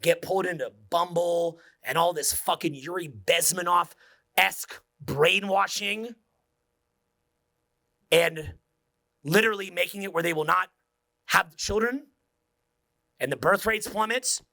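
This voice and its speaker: Man, forties, motivational speaker, intense, swearing, bright forceful voice. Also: sits high, creaky. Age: 40s. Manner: intense, preachy, profane, swings to near-whispers. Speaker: social skills coach.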